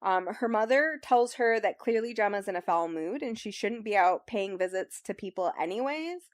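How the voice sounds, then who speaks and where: Recapping a novel for her podcast's book club, a young woman rambles casually and leans heavily on "like" and "um." Her medium-pitched voice has lively intonation and a moderate pace. It's clean studio sound without echo.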